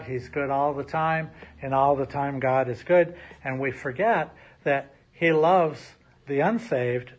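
A male pastor delivering a recorded sermon in an empty church sanctuary, speaking casually with frequent restarts. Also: mid-range voice. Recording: slightly muffled recording.

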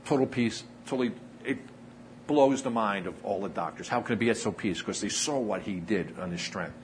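A man preaching a sermon, telling stories earnestly with frequent pauses and acted-out dialogue. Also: lowish voice, slight background noise, poor audio. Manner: earnest, pauses often, acts out quoted dialogue. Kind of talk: sermon storytelling.

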